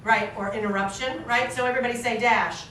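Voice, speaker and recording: A woman's voice: fairly high pitch, fairly even intonation, fast talker, a bit bright, a little hiss or hum. A woman acting teacher leading a classroom drill, constantly quizzing her students and checking in with "right?". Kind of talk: classroom instruction. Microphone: far camera. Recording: echoey room from far off.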